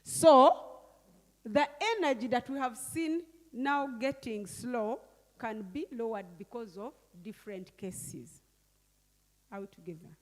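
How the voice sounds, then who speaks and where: A woman's voice: on the high side, slow. A woman leading a teaching workshop, often questioning her audience and repeating key words back to them. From Uganda. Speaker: workshop facilitator. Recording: echoey hall.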